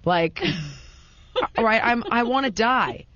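A woman's voice: fairly high pitch, expressive, slow, background noise. A woman telling a casual story with dramatic, self-mocking exaggeration, rambling through restarts. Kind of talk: casual anecdote. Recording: dry, dull lo-fi sound.

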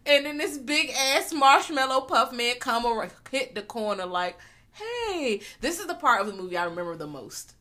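A woman's voice: fairly high pitch, normal speed, few pauses. A woman co-hosting a casual movie recap podcast, talking animatedly and with plenty of swearing. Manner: animated, profane, acts out quotes. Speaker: podcast co-host.

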